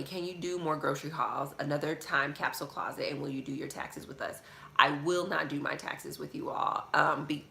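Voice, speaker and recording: A woman's voice: low voice, vocal fry, sharp tone, echoey room, a little hiss or hum. A woman hosting a live question-and-answer chat from her studio apartment, reading out viewer questions and answering them candidly. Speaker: budgeting channel host.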